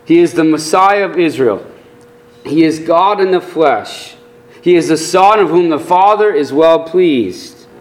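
A man preaching a sermon as a pastor, earnest and deliberate, rising in emphasis on key points. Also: a little high, lively intonation.

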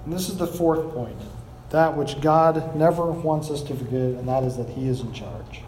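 A man's voice: medium pitch, normal speed, a little mellow, reverberant, a little hiss or hum, poor audio. A man preaching a sermon, reading scripture aloud and explaining it with rising emphasis. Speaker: pastor.

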